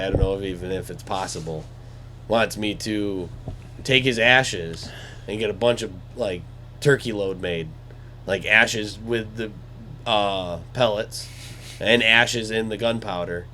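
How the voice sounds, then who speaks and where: Man telling hunting stories, casual. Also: background noise. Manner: storytelling, mimics high sweet voices talking to deer. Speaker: podcast host.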